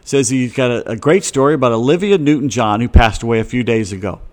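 A man's voice: mid-range voice, expressive, fast, darkish tone. A man hosting a casual sports talk show, rambling through stories with wry, chatty asides.

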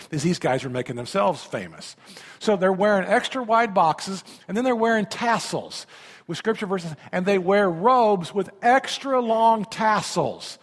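A man in his fifties preaching a sermon as pastor, animated and conversational, often repeating words and asking the listeners questions. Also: high-pitched. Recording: long reverb of a large hall.

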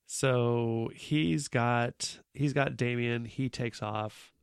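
A man's voice: medium pitch, extremely slow, gravelly, clean tone, no room sound, studio quality. A man co-hosting a podcast, casually recapping a movie plot in a laid-back way with fillers. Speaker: podcast co-host.

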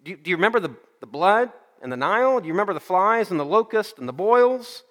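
A preacher doing a fretful, stammering father, pitched up. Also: lively intonation, normal speed, a bit bright, in a large hall. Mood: anxious. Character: nervous, anxious grown father.

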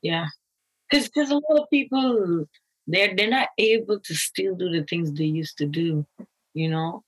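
A woman's voice: on the low side, unhurried, husky, rough recording. A young woman from Guyana, interviewed about her life, talking casually with many fillers and restarts. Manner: casual, many fillers and restarts, quotes others in lively voices. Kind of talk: candid interview talk.

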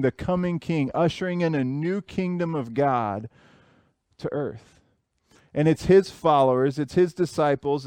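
A man's voice: on the high side, darkish tone, dry recording. A man in his thirties preaching a sermon, earnest and repeating phrases for emphasis. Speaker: pastor.

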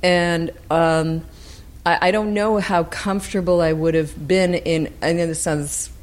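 A woman guest in a casual podcast interview, speaking reflectively and haltingly with many fillers. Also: fairly low pitch, steady tone.

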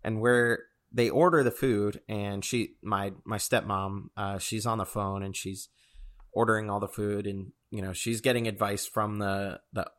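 A man's voice: on the low side, fairly even intonation, a little slow, fairly bright tone. A man co-hosting a casual chat show, telling a rambling story full of fillers and frequent chuckles.

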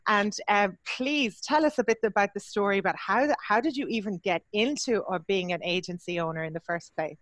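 A woman hosting a podcast interview, upbeat and welcoming, quick to laugh. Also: medium pitch, fairly bright tone, no echo. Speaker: podcast host, agency coach.

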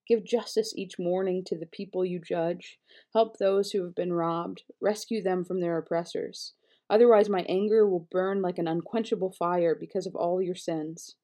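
A woman reads scripture aloud, her voice mellow and warm. Her delivery is steady and measured, with a quick self-correction now and then. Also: medium pitch. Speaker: Bible reader.

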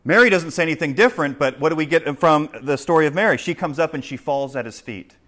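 A man preaching a sermon, swinging between loud, urgent questions and hushed explanation. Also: fairly high pitch, fast. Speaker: pastor.

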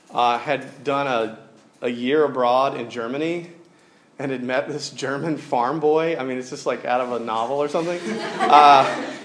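A man in his thirties delivering a sermon that drifts into personal storytelling. He talks casually, with plenty of fillers and restarts, at an ordinary middle pitch. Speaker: pastor.

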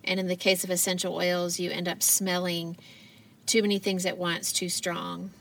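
A woman in her thirties, a mother, hosting a reflective solo podcast in a gentle, earnest, heartfelt way. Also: fairly low pitch, flat delivery, normal speed, gravelly, distant mic, slight background noise. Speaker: podcast host.

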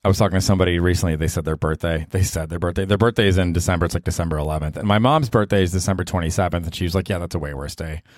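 A man with a deep voice hosts a casual solo podcast from his apartment. He rambles and pokes fun at himself, now and then jumping into mock voices. The sound is close and dry, with no room around it. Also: racing, few pauses, darkish tone, no room sound. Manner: rambling and self-deprecating, with bursts of mock voices. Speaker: podcast host.

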